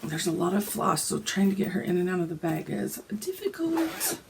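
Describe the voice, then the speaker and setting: A woman, hoarse and gravelly from a cold, chatting casually about her cross-stitch plans and often clearing her throat. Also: very animated, normal speed, noisy background. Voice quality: gravelly, deep. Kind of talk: casual chat.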